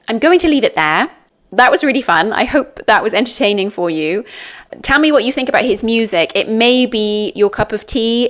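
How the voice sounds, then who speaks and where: A woman with a British accent talks through an English lesson. Her pitch sits in a middle range, neither high nor low. She explains in a chatty, friendly manner, as if to a student. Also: a bit bright. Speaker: English teacher.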